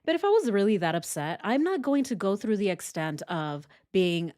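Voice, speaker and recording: A woman hosting a true crime channel, talking through a case in casual livestream commentary, animated and chatty with quick laughs and casual swearing. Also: mid-range voice.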